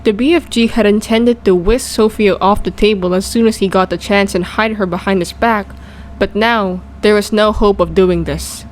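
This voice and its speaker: Woman calmly reading a storybook aloud. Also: medium pitch, moderate pace, a little hiss or hum, poor audio. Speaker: audiobook reader. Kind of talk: storybook narration.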